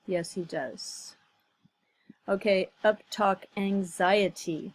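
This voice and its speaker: A woman giving casual commentary in a vlog. She speaks in an unhurried, deliberate way and often stops to search for her words with fillers. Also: mid-range voice, steady tone, no room sound, poor audio. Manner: slow, thoughtful, many fillers and restarts. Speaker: commentary vlogger. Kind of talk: casual commentary on a video clip.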